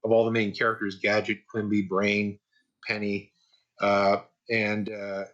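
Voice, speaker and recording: Older man, bright voice, casual storytelling, relaxed and rambling, podcast guest. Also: fairly low pitch, a little slow, lo-fi sound. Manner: relaxed anecdotal, frequent "uh" and repeats. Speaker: guest, animation artist.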